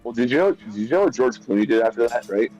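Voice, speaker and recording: A man's voice: mid-range voice, fast talker, a little mellow, highs cut off, faint music behind. A man chatting casually during a gaming session, rambling and often repeating and restarting his sentences. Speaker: streamer chatting while gaming.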